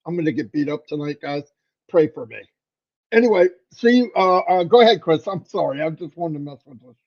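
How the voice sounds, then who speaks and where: A man co-hosting a casual livestream, playfully teasing people in a voice that sits on the higher side. His sound comes through a muffled video-call line. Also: expressive, a little fast. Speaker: livestream co-host.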